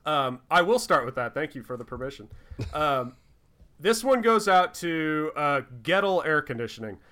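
A man co-hosts a casual podcast chat, rambling with many fillers and restarts and laughing often. His voice is a little high, sing-song, bright, and forceful, at normal speed.

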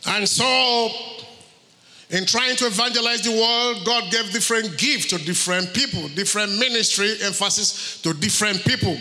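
A man preaches a sermon to his congregation, driving points home through repetition. His voice sits high and sounds bright and forceful. The recording carries a long reverb from the church hall. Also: normal speed. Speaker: pastor.

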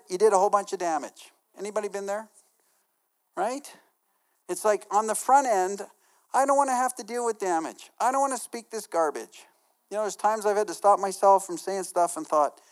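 Middle-aged male pastor, animated sermon delivery, acts out quotes, softens for stories. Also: high-pitched, smooth. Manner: lively, acts out quotes with laughs.

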